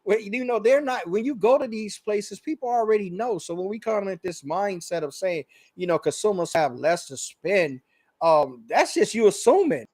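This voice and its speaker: A man with a Chicago accent hosting a casual business talk show, animated and slangy, laughing often. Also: high voice, moderate pace, no room sound. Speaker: podcast host. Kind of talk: casual chat.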